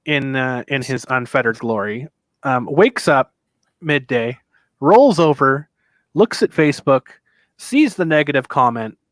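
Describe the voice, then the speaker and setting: A man's voice: mid-range voice, a bit bright, dry recording. A man telling a long, rambling story in casual chat, swearing freely and acting out what other people said. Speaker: podcast co-host telling a convention story.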